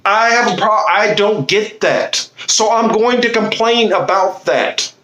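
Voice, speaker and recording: A man's voice: sits high, a little slow, sharp tone, roomy sound, a little hiss or hum, poor audio. A man delivering a blunt, fiery political monologue, impassioned and swearing freely. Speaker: political commentator.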